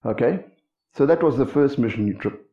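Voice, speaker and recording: A man preaching a sermon to his congregation, animated, acting out quoted voices and asking the listeners questions. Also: medium pitch, brisk, echoey room, muffled recording. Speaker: pastor.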